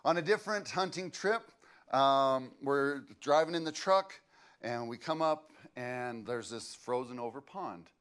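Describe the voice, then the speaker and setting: Conversational pastor, storytelling. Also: male voice, medium pitch, expressive, measured pace, a bit bright, smooth. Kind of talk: sermon.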